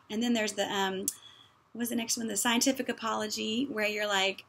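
Raspy, folksy woman giving a talk. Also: medium pitch, steady tone, normal speed, fairly bright tone. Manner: conversational, folksy, many fillers. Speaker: speaker teaching on apologies. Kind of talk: church talk, practical lesson.

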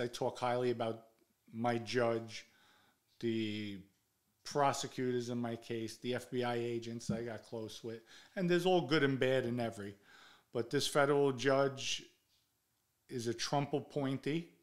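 A middle-aged man, a podcast host telling a personal story in a blunt, heated way and swearing freely. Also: medium pitch.

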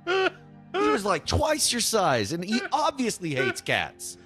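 A man co-hosting a casual gaming chat, excitedly egging the player on with profane banter. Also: high voice, takes it slowly, soft background music. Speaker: co-host playing a video game.

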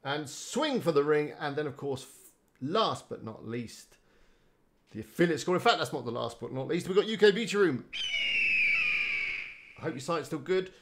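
A man's voice: a little high, sing-song, moderate pace, long pauses, a little hiss or hum. A man chatting casually on a live stream, rambling and greeting viewers by name. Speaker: live-streaming website builder.

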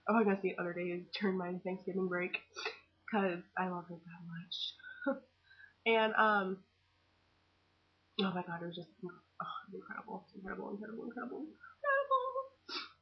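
A teenage girl gushing about a movie in a casual webcam vlog, excitable and full of fangirl chatter. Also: medium pitch, husky, lo-fi sound. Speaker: vlogger.

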